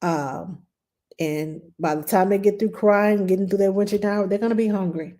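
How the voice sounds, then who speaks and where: A woman's voice: mid-range voice, fairly even intonation, normal speed. A middle-aged woman, a nanny giving chatty parenting advice and answering viewer questions on a live stream. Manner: chatty, loose, reads viewer questions aloud and greets viewers brightly.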